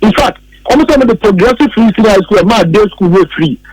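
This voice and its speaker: A man's voice: high voice, animated, quick pace, poor audio. A man with a Ghanaian English accent giving heated political commentary on the radio, emphatic and repeating his key phrases.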